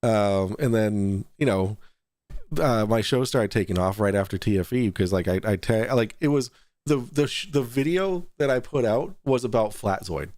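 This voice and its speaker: A man's voice: lowish voice, expressive, moderate pace, darkish tone, no room sound. Man host, dry close sound. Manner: rambling, restarts often, laughs easily. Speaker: talk show host. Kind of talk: casual podcast chat.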